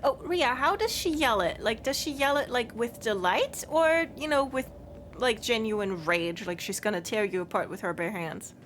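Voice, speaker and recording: A woman's voice: a little high, animated, normal speed, a bit bright, slight background noise. A woman streaming a video game, chatting to herself and her pets, squealing and swearing as she plays. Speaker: let's play streamer. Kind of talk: casual gaming commentary.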